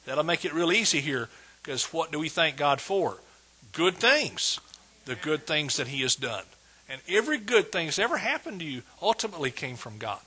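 A man preaching a sermon as pastor, emphatic and repetitive, building words into shouts of praise. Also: a little high, sing-song, normal speed, breathy edge. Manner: emphatic preaching, repeats words with rising intensity.

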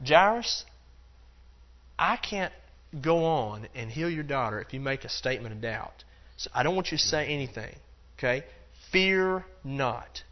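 A man's voice: fairly high pitch, dull audio. A man teaching a Bible lesson in a loose, conversational way, acting out the quotes and dropping in plenty of fillers. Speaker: preacher.

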